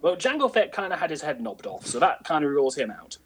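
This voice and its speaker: Animated, husky-voiced joking man. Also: on the high side, fast. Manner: jokey, animated, playful voices. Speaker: podcast co-host. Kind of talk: casual chat.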